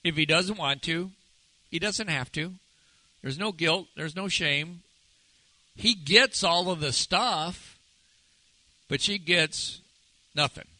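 A man preaching a sermon, asking his listeners one rhetorical question after another and turning soft and slow to stress key words. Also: fairly high pitch, no echo, rough recording. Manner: asks the audience many rhetorical questions. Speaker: pastor.

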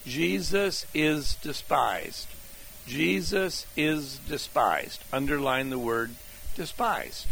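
A man preaching slowly from a sermon outline and repeating key phrases, then reading scripture aloud. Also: on the high side, vocal fry, fairly bright tone, slight background noise, low-quality recording. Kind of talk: slow scripture teaching from an outline.

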